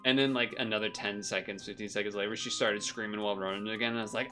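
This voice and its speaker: A man's voice: on the low side, fairly even intonation, fast talker, few pauses, pushed and bright, faint music behind. A man streaming a game, chatting casually and rambling between moves, often laughing. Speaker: gaming streamer. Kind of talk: casual commentary while playing.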